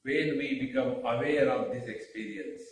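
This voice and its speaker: A man giving a spiritual discourse, speaking deliberately with rhetorical questions and pauses. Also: medium pitch, fairly even intonation, a little hiss or hum. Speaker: spiritual teacher. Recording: very echoey room, mic far off.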